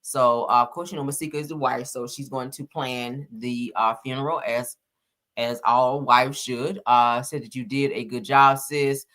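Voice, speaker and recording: A woman commentating on celebrity gossip, reading out text messages haltingly with many fillers and casual slang asides. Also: rumbling low, fairly even intonation, fairly bright tone.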